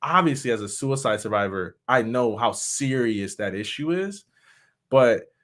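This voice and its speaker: A middle-aged man, a motivational speaker and suicide survivor, gives a personal, reflective talk with frank openness. He is candid and halting, with many restarts and soft laughs, sounding sincere rather than polished. His voice is medium-pitched with lively intonation.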